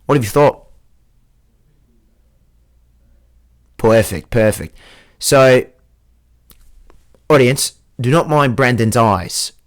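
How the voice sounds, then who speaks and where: A man's voice: mid-range voice, slow. A young man hosting his own joking podcast alone, talking in a put-on accent that mixes British and Australian, crude, rambling and mocking himself. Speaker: host. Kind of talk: joking solo podcast monologue.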